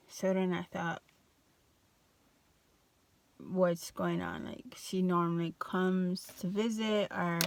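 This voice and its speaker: Flat, slow-talking young woman vlogger. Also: medium pitch, clear, resonant tone, no echo. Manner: loose, with many fillers and restarts; slow, even, flat delivery. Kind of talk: casual storytelling.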